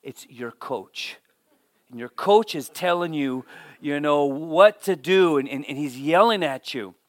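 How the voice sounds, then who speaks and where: A man giving a sermon as pastor, telling stories with lively swings and dropping almost to a whisper for emphasis, often repeating words as he starts a sentence. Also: on the high side, unhurried, no room sound. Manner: animated storytelling, drops to near whisper for emphasis.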